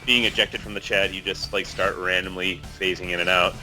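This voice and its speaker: A man's voice: deep voice, fairly even intonation, a little fast, music in the background. A man chatting casually on a group commentary track, rambling and apologetic. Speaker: commentary participant.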